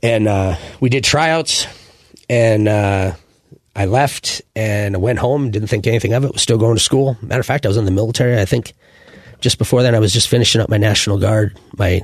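A man in his forties, a former sports mascot, telling animated, rambling stories in a casual interview, full of fillers and restarts. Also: lowish voice, brisk, no echo, studio quality.

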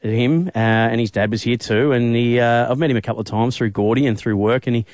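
Fast-talking Australian radio host. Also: male voice, mid-range voice, no echo, clean studio sound. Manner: animated, quick anecdote telling. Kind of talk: storytelling on breakfast radio. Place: radio studio. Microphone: studio microphone.

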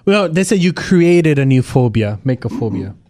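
A man's voice: mid-range voice, sing-song, moderate pace, a little mellow. A man co-hosting a morning radio show, chiming in with brief reactions and questions. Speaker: radio co-host. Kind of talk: casual chat.

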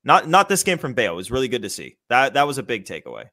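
A man's voice: medium pitch, very animated, very fast, pushed and bright. A man casually chatting about baseball as a podcast host, enthusiastic and loose, with the odd swear. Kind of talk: casual sports chat.

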